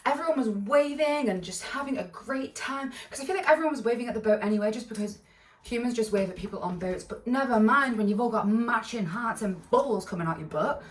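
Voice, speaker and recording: A woman's voice: a little high, a little fast, distant mic. Giggly, rambling woman vlogger. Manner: bubbly, giggly, rambling with many side notes. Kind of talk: casual storytime. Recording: echoey room, voice a bit off-mic.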